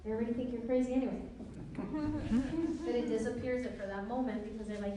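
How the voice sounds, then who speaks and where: High-voiced woman coaching a roomful, very echoey. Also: fairly quick. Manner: playful, laughs often, acts out conversations. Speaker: business trainer. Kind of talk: motivational seminar talk to a live audience. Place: meeting room with an audience. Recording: very echoey room, mic far off, faint hiss.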